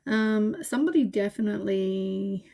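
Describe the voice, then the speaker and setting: A tired woman reads tarot cards in a loose, rambling way, full of fillers and gentle reassurance. Her voice is mellow and soft at a middle pitch, and she sounds worn out. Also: normal speed. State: tired, yawning. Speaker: tarot reader. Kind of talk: casual tarot reading.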